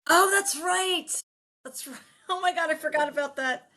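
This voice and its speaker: A woman hosting a podcast, sharing memories in a lively, emotional way and laughing often. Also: high voice, normal speed. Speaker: podcast host. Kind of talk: casual chat.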